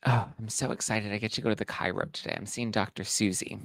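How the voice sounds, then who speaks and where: Male podcast host, casual and chatty gossip style, low gravelly tone, dry booth sound. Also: fairly even intonation, quick pace, a bit bright, dry recording. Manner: chatty, reads audience comments aloud. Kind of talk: casual pop-culture gossip chat.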